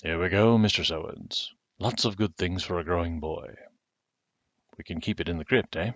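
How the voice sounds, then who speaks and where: Casting: a man reading a deep-voiced, formal graveyard guardian, calm and measured, muffled dry webcam sound. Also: no room sound.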